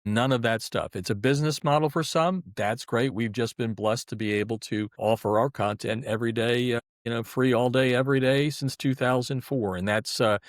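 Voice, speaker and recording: A man's voice: medium pitch, moderate pace, few pauses, no echo, studio quality. A middle-aged man talking as an interview guest, folksy and chatty, often restarting his sentences. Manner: talkative and folksy, with repeated restarts. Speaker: guest, sports website editor. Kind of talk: conversational interview.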